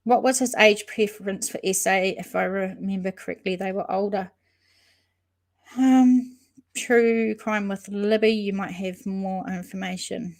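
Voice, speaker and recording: A woman hosts a relaxed true-crime livestream, reading out viewer comments and greeting chatters by name. She talks things through as she goes, hesitating and restarting her sentences, at an ordinary middle pitch. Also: unhurried. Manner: thinks aloud, hesitant with frequent ums and restarts.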